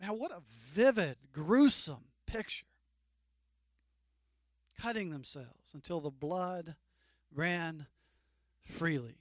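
A male pastor preaching a sermon, animated and joking with mock-incredulous asides. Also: fairly high pitch, slow pace, long pauses, dry recording, clean studio sound.

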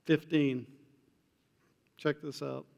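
High-voiced man preaching in a hall. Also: flat delivery, extremely slow, vocal fry, highs cut off. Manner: conversational preaching with casual slang; swings between hushed and emphatic delivery. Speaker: pastor. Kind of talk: sermon.

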